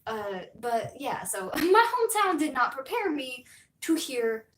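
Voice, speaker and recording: A woman's voice: high-pitched, big pitch swings, unhurried, fairly bright tone, roomy sound. A young American woman streaming, chatting casually in a rambling way, full of fillers and laughs. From United States.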